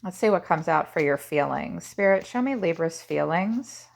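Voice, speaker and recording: A woman's voice: fairly low pitch, animated, normal speed, creaky. A woman giving a casual tarot reading, musing aloud with lots of "I think" and "kinda". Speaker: tarot reader.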